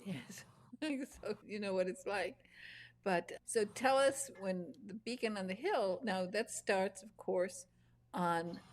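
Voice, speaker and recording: A woman's voice: mid-range voice, slow. A woman hosting an interview, chatting casually and laughing through rambling anecdotes. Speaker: podcast host.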